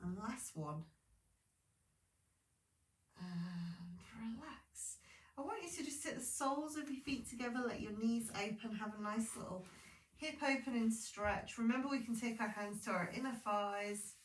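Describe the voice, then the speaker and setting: A woman leading a pilates class, calm and encouraging, sounding sleepy. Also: a little high, normal speed, recorded from a distance. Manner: calm, encouraging, chatty asides. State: sleepy, yawning. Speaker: pilates instructor. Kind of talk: guided exercise class instructions. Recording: echoey room, voice from off-mic.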